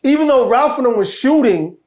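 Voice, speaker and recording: Animated New man telling stories. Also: very high voice, brisk. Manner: animated, laughing, many restarts. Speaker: guest. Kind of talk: casual storytelling.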